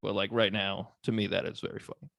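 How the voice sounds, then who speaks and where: A man's voice: fairly low pitch, little pitch movement, fast, vocal fry, a bit bright, dry recording, clean studio sound. A young man co-hosting a podcast, talking about a movie in laid-back, joking chat, laughing often and swearing freely. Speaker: podcast co-host.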